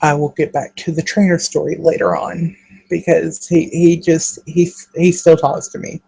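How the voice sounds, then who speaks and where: A man talking in an earnest, halting, emotional way in a confessional vlog monologue, speaking to a webcam. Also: on the high side, little pitch movement, gravelly, warm tone, slightly rough, rough recording. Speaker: vlogger.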